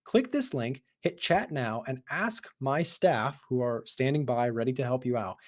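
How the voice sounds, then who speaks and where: A man hosts a live market stream in a casual, rambling way, with plenty of fillers and restarts. His voice is hoarse from hours of talking. It sits at a middle pitch. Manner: casual, repeats himself, many fillers. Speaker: host of a live trading stream.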